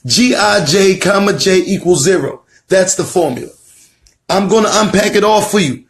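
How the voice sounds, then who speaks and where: A man's voice: high-pitched, moderate pace. A man giving a fiery, profane online lecture, preachy and emphatic, repeating lines and firing off rhetorical questions. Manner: swears a lot, calls out rhetorical questions. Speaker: self-styled teacher presenting his theory.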